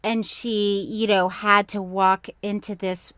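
A woman co-hosting a podcast in casual chat, an animated storyteller who breaks into loud laughter. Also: mid-range voice, slow pace, smooth, no echo. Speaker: podcast co-host.

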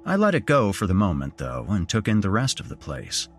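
A man's voice: on the low side, huge pitch swings, brisk, soft background music. A man narrating a first-person horror story as a podcast host, telling it expressively.

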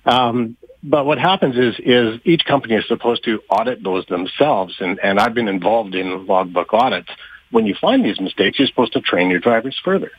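Husky low-voiced man on a dull, dry phone line. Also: expressive, dry recording. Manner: halting, many fillers and restarts. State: out of breath. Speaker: trucking industry guest. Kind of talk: radio interview answers.

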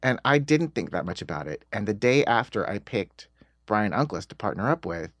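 Interview guest: middle-aged American man, low voice, dry close sound, animated self-mocking storyteller. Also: normal speed, no room sound. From United States. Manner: self-deprecating, animated, laughs while telling stories. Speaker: screenwriter guest.

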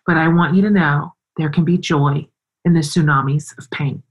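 Low-voiced woman interview host. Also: normal speed, lo-fi sound. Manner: earnest, expressive, animated storytelling. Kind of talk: conversational interview.

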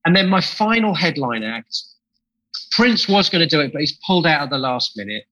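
A man's voice: fairly high pitch, sing-song, fairly quick, pushed and bright, lo-fi sound. A man being interviewed as a musician guest, talking with enthusiasm and reflection, often restarting phrases. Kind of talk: podcast interview conversation.

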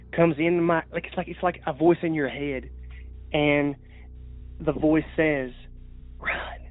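A male caller telling a personal story over the phone, halting and repeating himself as he goes. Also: fairly high pitch. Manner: halting, repeats words, restarts often. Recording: tinny phone line.

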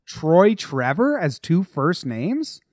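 A man co-hosting a sports podcast in a loose, jokey way. He talks in a fairly high voice that sometimes sinks to a mumble, close to a dry mic. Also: slow pace, dry recording. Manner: jokey, animated, drops to mumbles. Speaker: podcast co-host. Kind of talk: casual sports podcast chat.

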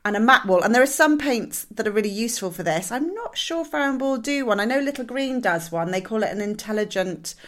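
A woman's voice: fairly high pitch, lively intonation, a little fast, few pauses, fairly bright tone. A woman co-hosting a podcast, explaining decorating ideas with dry good humour. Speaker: podcast co-host. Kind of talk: casual chat.

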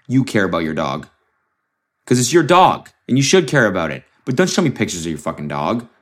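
A man's voice: lowish voice, big pitch swings, a little fast. A man hosting a podcast, ranting casually and mockingly, with frequent swearing, from a very hot room. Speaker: podcast host. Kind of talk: casual solo rant.

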